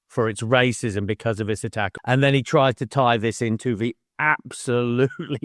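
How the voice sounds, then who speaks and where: A man's voice: mid-range voice, dry recording, studio quality. A man co-hosting a casual podcast about a book, swearing freely and laughing partway through sentences. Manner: swears freely, laughs mid-sentence, mimics people in quotes. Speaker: podcast co-host. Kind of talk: casual book-club chat.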